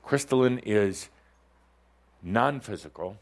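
A man guides a live audience through a spiritual talk, slow and unhurried. His voice is gravelly and swings up and down a lot, and he keeps a teasing, playful manner, laughing as he goes. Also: on the low side, animated. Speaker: spiritual teacher addressing an audience.

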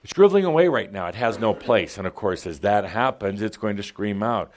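A man giving a playful, animated channeled talk to a live audience in a hall, often laughing along with them. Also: lowish voice, brisk, slight background noise. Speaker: spiritual teacher channeling to an audience.

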